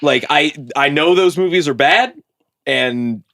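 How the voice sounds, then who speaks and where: A man's voice: fairly high pitch, measured pace, gravelly, sharp tone. A man co-hosting a casual podcast chat, easygoing and agreeable. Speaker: podcast co-host.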